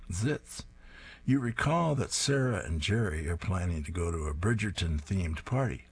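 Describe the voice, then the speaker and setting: A man describing comic strips panel by panel and reading them aloud in a steady, descriptive way with dry amusement. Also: low-pitched, moderate pace, breathy edge. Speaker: comics reader.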